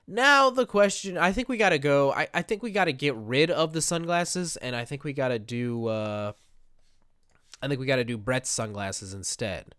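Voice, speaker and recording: A man's voice: mid-range voice, moderate pace, fairly bright tone, smooth, no room sound, clean studio sound. A man giving casual, rambling gameplay commentary at his computer setup. He talks in a chatty, self-mocking way. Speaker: gaming video creator.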